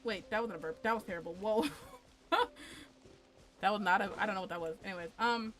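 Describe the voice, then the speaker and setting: A woman's voice: mid-range voice, brisk, fairly bright tone. A woman streaming a game, chatting casually with crude, playful jokes and talking to herself. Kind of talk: casual gaming commentary.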